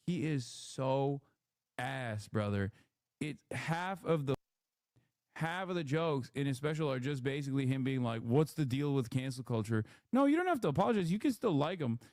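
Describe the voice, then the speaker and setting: A man's voice: mid-range voice, lively intonation, normal speed, a little mellow, no room sound, studio quality. A man streaming live, ranting in a blunt, opinionated and profane way. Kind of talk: casual live commentary rant.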